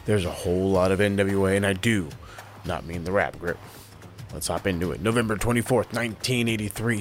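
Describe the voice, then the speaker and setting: A man co-hosting a wrestling podcast, animated and profane in casual chat, who also runs a history segment. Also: lowish voice. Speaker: podcast co-host.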